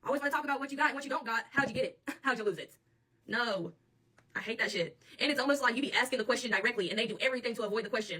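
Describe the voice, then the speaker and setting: Tarot reader, woman, AAVE, quick and sharp-toned, mic set back a bit. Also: a little high, animated, husky, far from the mic. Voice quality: blunt and profane, laughs often. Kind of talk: channeled tarot reading monologue.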